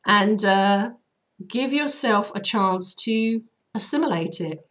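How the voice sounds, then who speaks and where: A woman healer hoarsely guiding listeners through an emotional release process in a chatty, rambling way, with many fillers. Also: medium pitch, expressive, slow, fairly bright tone. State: voice hoarse and troubled. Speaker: healer and channel host. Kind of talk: casual spoken guidance.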